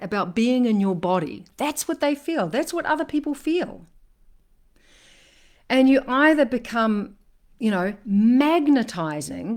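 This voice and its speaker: A woman relationship coach talking in a casual live-streamed monologue, emphatic and animated, often asking "right?". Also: mid-range voice.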